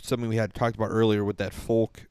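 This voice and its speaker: A man's voice: fairly low pitch, flat delivery, fast, a little mellow, smooth, no echo, studio quality. A young man on a podcast, chatting enthusiastically and filling his talk with "like". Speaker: podcast co-host. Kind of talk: casual chat.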